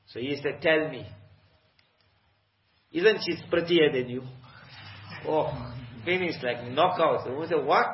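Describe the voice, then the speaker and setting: A man preaching a sermon in English, telling stories and reciting Arabic verses in an animated way, acting out what people say. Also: fairly high pitch. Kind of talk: sermon with anecdotes. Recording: echoey lo-fi lecture recording.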